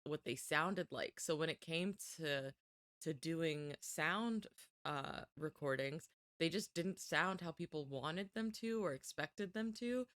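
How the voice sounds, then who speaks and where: A woman's voice: low voice, takes it slowly, fairly bright tone, no echo, studio quality. A woman streamer chatting casually while reacting to a film. She is self-deprecating and often trails off and restarts. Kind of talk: casual live-stream commentary. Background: film music.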